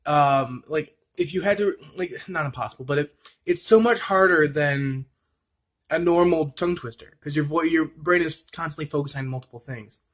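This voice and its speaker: Male vlogger, a bit high-pitched, rambling casual chat, self-mocking, drills tongue twisters. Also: moderate pace. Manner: rambling, chatty, laughs at himself, repeats tongue twisters.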